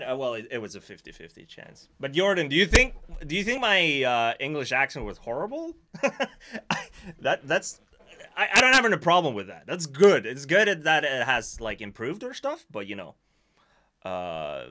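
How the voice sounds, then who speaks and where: A man's voice: medium pitch, moderate pace. A man from Sweden with a Swedish accent, chatting casually on a live stream and often laughing at himself. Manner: animated, laughing, self-deprecating.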